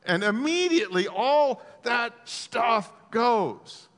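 Gravelly-voiced preacher in a reverberant hall. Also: male voice, fairly high pitch, animated, normal speed, fairly bright tone. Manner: laughs at his own asides. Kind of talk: sermon.

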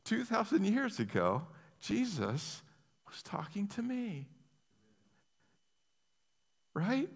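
A pastor delivers a sermon in a loose, conversational way. He is animated and often restarts his sentences, and his voice rings out in a church sanctuary with a long, lingering echo. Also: sits high, slow, creaky, long pauses.

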